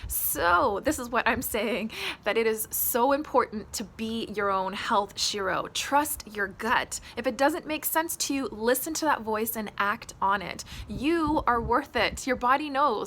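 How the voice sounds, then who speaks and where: A woman's voice: fairly high pitch, fairly bright tone, a little hiss or hum. A woman telling her own health story to camera in a candid, emphatic way. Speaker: health vlogger.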